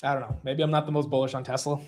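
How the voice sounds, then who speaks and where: A man's voice: medium pitch, level tone, racing, a little mellow. A young man hosting a long livestream, chatting casually, rambling, swearing loosely, and reading out viewer super chats. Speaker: livestream host.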